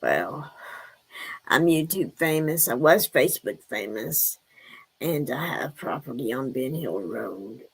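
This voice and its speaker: A woman's voice: very deep voice, animated, takes it slowly, slightly rough. A woman chatting casually on a live stream, rambling and answering her viewers' comments.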